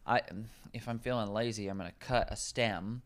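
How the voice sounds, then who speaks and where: Man, nutrition coach, casual podcast talk, somewhat low voice, clear resonant tone, meandering explanations with restarts. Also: moderate pace. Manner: rambling, self-correcting, chatty explainer.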